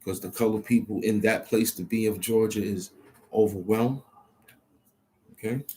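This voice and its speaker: A man's voice: fairly low pitch, steady tone, normal speed, dark tone, slightly rough. A man rambling to himself as he thinks aloud, often hesitating, repeating himself and restarting.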